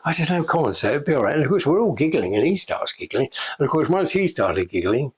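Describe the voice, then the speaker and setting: Husky older man telling lively stories. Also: on the high side, fast. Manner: chatty, laughs often, acts out quoted lines. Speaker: interviewee, special effects veteran. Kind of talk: casual anecdotal storytelling. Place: shop.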